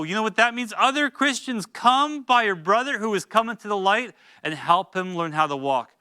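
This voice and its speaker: A man's voice: sits high, animated, moderate pace, few pauses, bright, forceful tone, clear, resonant tone, no room sound, studio quality. A man teaching a Bible study in a church, reading scripture and urging listeners with earnest, informal asides. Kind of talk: expository Bible teaching with exhortation.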